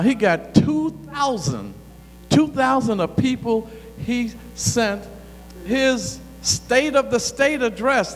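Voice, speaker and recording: A man giving a fiery public speech, an animated, colloquial storyteller who says he gets excited. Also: high voice. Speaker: former city council member giving a talk. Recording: reverberant hall with faint hum.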